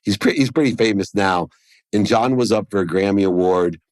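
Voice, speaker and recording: A man with a somewhat low voice tells a personal story as a podcast guest. He speaks earnestly and acts out the lines of the people in his tale. The sound is close and dry, with no room echo. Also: fairly quick.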